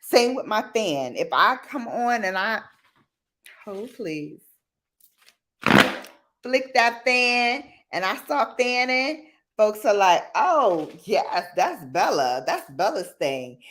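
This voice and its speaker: A woman hosting a casual late-night livestream, chatting playfully with viewers in a slangy, animated way and acting out quotes. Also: medium pitch, slow pace, slight background noise. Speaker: livestream host.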